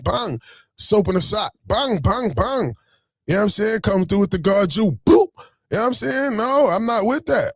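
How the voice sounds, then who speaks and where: A man telling a story in a casual, animated, streetwise way, swearing freely. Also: high voice, creaky, no room sound, studio quality.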